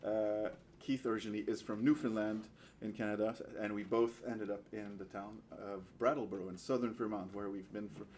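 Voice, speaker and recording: A man's voice: fairly low pitch, steady tone, fairly quick, a little mellow, slight background noise. A man from Quebec with a Québécois French accent, casually introducing folk songs at a house concert with good humor and frequent fillers. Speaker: folk musician introducing a song. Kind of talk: casual stage banter at a concert. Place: living room house concert.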